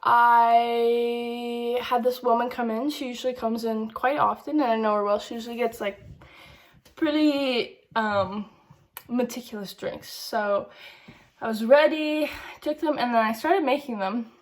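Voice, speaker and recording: A woman's voice: a little high, steady tone, unhurried. Chatty woman rambling through her day. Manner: rambling, chatty, heavy use of "like". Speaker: vlogger. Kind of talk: casual diary vlog storytelling.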